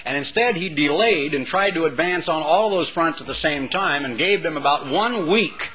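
A man delivering a rambling, opinionated monologue as a radio talk show host, with many pauses and fillers. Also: on the high side, expressive, sharp tone, slight background noise, poor audio.

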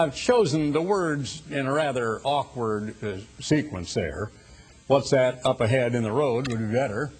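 An older man giving a sermon, speaking deliberately and slowing down to stress key words. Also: mid-range voice, slightly rough. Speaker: preacher.

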